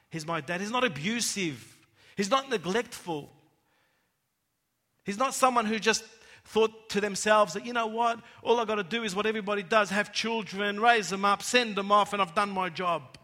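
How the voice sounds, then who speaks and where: A man preaching a sermon, dropping to hushed tones and rising to loud emphatic cries. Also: high voice, animated, moderate pace, long pauses. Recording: long hall reverb.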